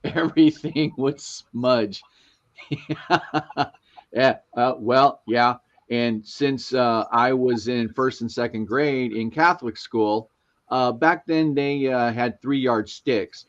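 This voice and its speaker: A man's voice: mid-range voice, slow. A middle-aged man hosting a livestream, reading viewer comments and telling casual stories in a chatty way. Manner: chatty anecdotal storyteller. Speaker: livestream host. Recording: lo-fi livestream audio.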